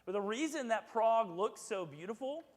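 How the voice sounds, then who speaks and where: Lively, high-voiced man preaching. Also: moderate pace. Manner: chatty, joking, acts out quoted voices. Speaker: pastor. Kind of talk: casual sermon. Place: church sanctuary. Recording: echoey church sanctuary with long reverb.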